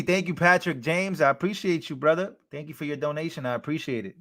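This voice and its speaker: A man's voice: a little high, fast talker, a bit bright. A young man hosting a live stream, chatting casually, reading out chat messages and thanking donors.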